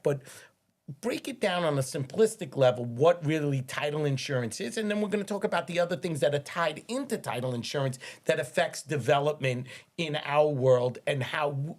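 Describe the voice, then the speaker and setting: Chatty New podcast host. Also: male voice, a little high, a little mellow. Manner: chatty, repeats words while finding his thought. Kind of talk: casual interview conversation.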